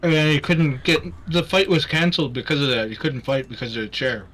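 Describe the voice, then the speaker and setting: A man's voice: a little high, steady tone, fairly quick, fairly bright tone. A man hosting a charity stream, chatting casually while gaming, rambling and swearing as he gets heated about wrestling.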